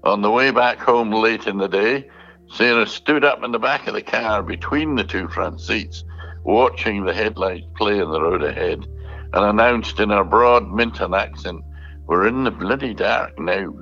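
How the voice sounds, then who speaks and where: A man reading a family letter aloud, slowly and deliberately. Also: fairly low pitch, fairly bright tone, faint music behind. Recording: dull lo-fi recording.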